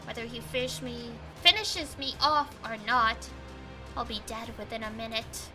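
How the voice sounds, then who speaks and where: A woman's voice: a little high, faint music behind. Woman reading as Shiki, a grim desperate young man. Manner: quiet measured inner-monologue reading. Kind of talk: reading visual novel narration aloud.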